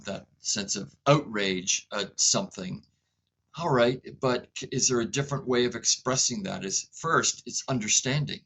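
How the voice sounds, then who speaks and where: A man being interviewed as a guest, speaking in a calm, reflective way and sometimes acting out short dialogues between people. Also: fairly low pitch, slight background noise, low-quality recording. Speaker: inventor and guest. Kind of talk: conversational interview.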